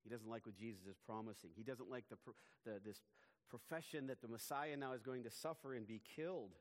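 A pastor preaching a sermon, earnest and emphatic. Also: male voice, medium pitch, a little fast. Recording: long hall reverb.

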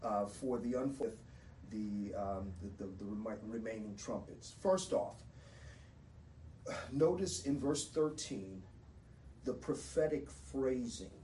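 A man teaching a Bible study in a measured, explanatory lecturing manner. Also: fairly low pitch, warm tone, far from the mic, a little hiss or hum. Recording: roomy echo, voice from off-mic.

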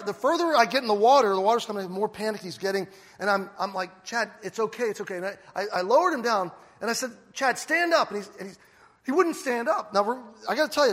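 An older man preaching a sermon as a lively storyteller who acts out the scenes he describes. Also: very high-pitched. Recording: long hall reverb.

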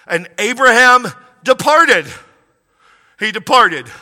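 Pastor guy preaching hard, high sharp voice, repeats himself a lot, big echoey church hall. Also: animated, takes it slowly. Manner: emphatic, repeats key lines, drops quiet for asides. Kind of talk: sermon. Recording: preached in a hall with long reverb.

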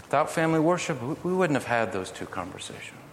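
A middle-aged man preaching a sermon, telling family stories in an earnest, gently humorous way. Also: mid-range voice, sing-song, fast talker. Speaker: pastor. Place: church hall. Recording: echoey hall from far off, faint noise.

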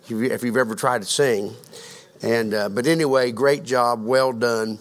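A man preaching a sermon as pastor, asking the congregation questions and building to a fervent, loud delivery. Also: medium pitch, steady tone, moderate pace. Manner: grows louder and more fervent.

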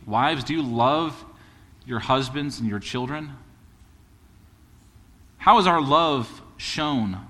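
A man's voice: mid-range voice, slow, long pauses, sharp tone, long reverb tail. A man preaching a sermon as a pastor, moving from casual storytelling into emphatic, building preaching.

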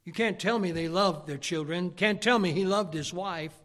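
A male pastor preaching a sermon, swinging from loud, emphatic lines to hushed ones. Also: high-pitched, moderate pace. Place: church sanctuary. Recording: long reverb of a church hall.

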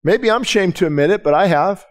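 Pastor guy preaching at church, bit of a high voice, talks real candid, repeats himself, keeps asking the crowd stuff. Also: animated, quick pace. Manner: candid, emphatic, repeats words and restarts often; asks the congregation direct questions. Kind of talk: conversational sermon. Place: church service.

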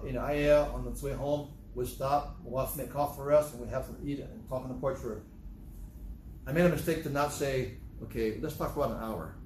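A man's voice: medium pitch, darkish tone, echoey room, a little hiss or hum, poor audio. A man preaching a sermon as pastor. He repeats phrases and breaks into sudden raised outbursts.

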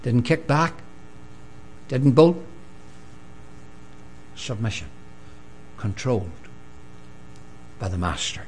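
An older man with a Northern Irish accent preaching a sermon, emphatic and swinging between loud declarations and quiet, low lines. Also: animated, takes it slowly, pauses often, breathy edge.

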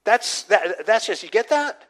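A man's voice: high-pitched, expressive, a little slow, fairly bright tone, low-quality recording. An older man, a pastor, preaching a conversational sermon with frequent restarts and asides. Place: church.

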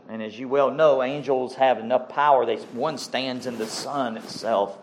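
A man preaching a sermon, emphatic and repetitive, his voice climbing on key phrases before dropping back. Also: medium pitch. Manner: slow, emphatic preaching with rising outbursts and repeated phrases.

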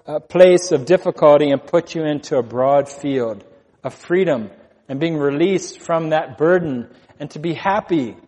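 A man's voice: on the high side, darkish tone, long reverb tail. A man preaching a sermon as pastor, earnest, repeating key phrases for emphasis.

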